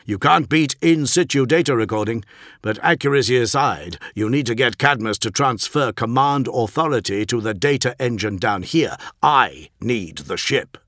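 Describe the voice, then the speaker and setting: A man voicing a reckless, gleeful male engineer in an audiobook, talking in an excitable, teasing way with a raised voice. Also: medium pitch, moderate pace, no echo, clean studio sound. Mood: insistent. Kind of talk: audiobook character voice.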